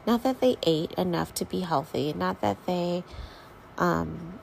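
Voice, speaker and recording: Woman w a low very gravelly voice, soft and encouraging, bit of noise behind. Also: measured pace, rough recording. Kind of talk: encouraging faith talk.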